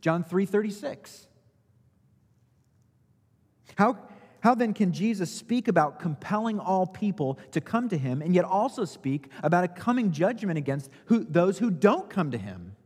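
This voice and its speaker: A man preaching a sermon as pastor, asking rhetorical questions and swinging between loud emphasis and quiet, low asides. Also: big pitch swings, measured pace, husky. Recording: long hall reverb.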